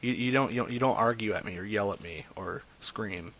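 A man with a lowish voice and a fairly bright tone talks briskly as he hosts prank phone calls on a stream. The chat is casual and rambling, with crude jokes and words that trail off into mumbles.

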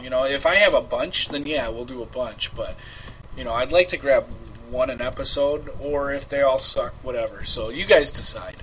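Brief: male prank-show host, bright, slightly high voice, chatty and crude, faint hiss behind. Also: normal speed, rough recording. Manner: loose, laughing, swears freely. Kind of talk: casual live-stream chat.

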